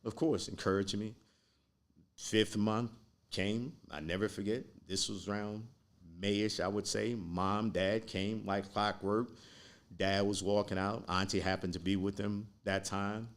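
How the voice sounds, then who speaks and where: A man with a low, gravelly voice tells a personal story as a podcast guest. He speaks slowly and earnestly, taking his time over each part. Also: fairly even intonation.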